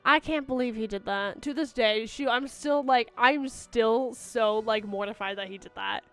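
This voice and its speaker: A woman's voice: a little high, moderate pace, a bit bright, soft background music. A young woman streamer chatting casually with her viewers, rambling with lots of fillers and restarts. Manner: baby-talk to her dog.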